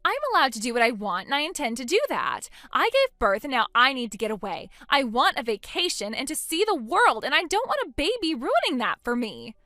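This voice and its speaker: A woman's voice: high voice, sing-song, fairly quick, hardly any pauses, sharp tone, no echo, clean studio sound, full character voice. A woman voicing a selfish young mother who dismisses her own baby, in scripted dialogue. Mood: scornful. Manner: scornful, dismissive, sneering. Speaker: voice actor in a text-story drama.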